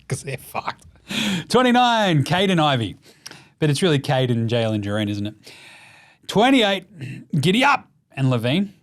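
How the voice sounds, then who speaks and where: Animated Australian man, lively banter. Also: a little high. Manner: profane, joking, rapid-fire lists. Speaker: podcast host. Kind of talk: casual sports chat.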